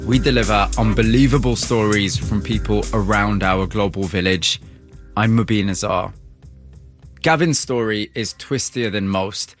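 A man hosting a broadcast interview, narrating a story and asking measured, empathetic questions. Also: fairly low pitch, soft background music. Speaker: radio host.

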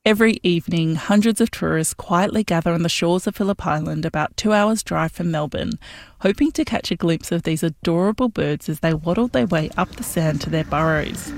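A woman filing a scripted radio news report in a measured way. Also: lowish voice, vocal fry, no room sound, clean studio sound.

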